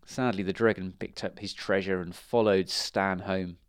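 A man reading a children's storybook aloud in an expressive, animated way. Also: deep voice, moderate pace, clear, resonant tone, no echo, clean studio sound. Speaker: reader.

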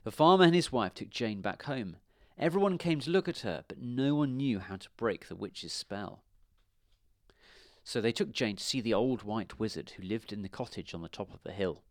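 A man reading a children's storybook aloud with expressive delivery. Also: on the low side, moderate pace, dry recording, clean studio sound.

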